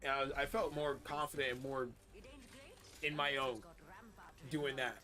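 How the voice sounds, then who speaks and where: Young guy streaming a game and just talking, swears a lot, says like constantly, pretty bright sharp tone. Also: medium pitch, little pitch movement, a little slow, soft background music. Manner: candid, profane, rambling with many fillers. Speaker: gaming streamer. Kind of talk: casual chat while livestreaming.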